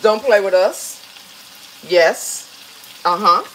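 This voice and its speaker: A woman's voice: medium pitch, slow pace, a little hiss or hum, poor audio. A woman, chatting playfully to viewers as she cooks in her home kitchen. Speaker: home cook hosting a recipe video. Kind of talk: casual cooking vlog chat to viewers.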